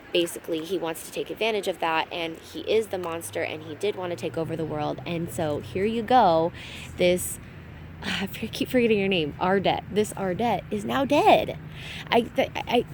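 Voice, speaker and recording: A young adult woman hosting a casual fan recap, talking in a chatty, animated way and laughing at her own slips. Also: fairly low pitch, slight background noise.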